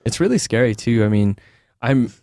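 A man's voice: mid-range voice, animated, normal speed, dark tone, no room sound, studio quality. A man interview guest telling personal stories candidly, in a loose, rambling way with many fillers and restarts. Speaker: guest, author. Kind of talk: candid conversational storytelling.

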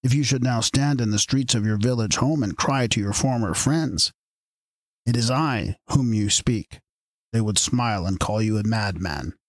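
Man voicing a secret-order spokesman, grave, formal, low, husky. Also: normal speed, no echo, natural voice. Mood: solemn. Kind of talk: audiobook reading.

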